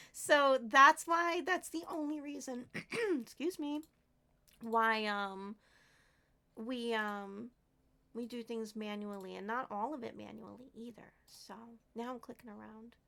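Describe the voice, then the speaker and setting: Woman streamer, high voice, unhurried, giggly, casual live chat. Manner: giggly, chatty, thanks viewers warmly by name.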